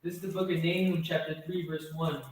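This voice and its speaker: A man's voice: a little high, level tone, fairly quick. A man reading scripture aloud at a study group, recorded from across the room. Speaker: scripture reader. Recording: echoey room, far from mic.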